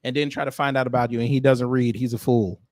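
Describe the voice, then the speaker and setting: A man's voice: mid-range voice, steady tone, quick pace, a little mellow, dry recording. Man drawling wry reaction commentary. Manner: wry, drawling asides between read-out comments. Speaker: reaction video host.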